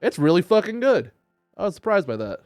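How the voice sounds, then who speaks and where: A man hosting a podcast in easy, rambling chat, laughing often and swearing freely. His voice sits high and swings widely in pitch. The sound is dry and close. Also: big pitch swings, brisk, darkish tone, no room sound, soft background music. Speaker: podcast host. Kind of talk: casual chat.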